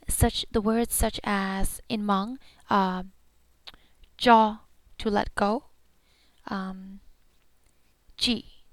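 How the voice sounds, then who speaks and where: A woman's voice: mid-range voice, dry recording. A woman giving a patient pronunciation lesson, saying each sound several times over. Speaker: language teacher.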